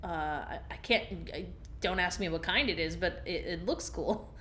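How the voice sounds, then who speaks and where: A woman's voice: fairly low pitch, normal speed, fairly bright tone, a little hiss or hum. A woman whose first language is French, chatting casually and hesitantly while streaming a game, giggling often. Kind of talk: casual let's-play chat.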